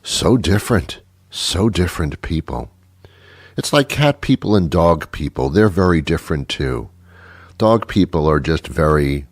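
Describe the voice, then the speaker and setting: A man's voice: very deep voice, big pitch swings, a little slow, slightly rough, no room sound. A man hosting a radio show, delivering a wry, rambling comic monologue with playful asides.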